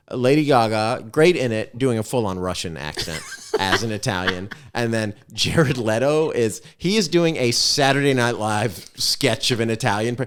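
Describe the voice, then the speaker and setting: A man co-hosting a comedy podcast, riffing with quick joking asides. His voice moves up and down a lot in an animated way. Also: medium pitch, clean tone. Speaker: podcast co-host. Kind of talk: casual comedic chat.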